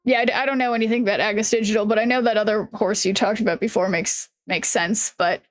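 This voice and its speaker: A woman's voice: medium pitch, steady tone, quick pace, faint music behind. Rambling, laughing woman streamer, voice a bit worn. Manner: rambling, restarts sentences, curses and laughs often. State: voice slightly worn from yelling. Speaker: live streamer. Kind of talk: casual chat with viewers.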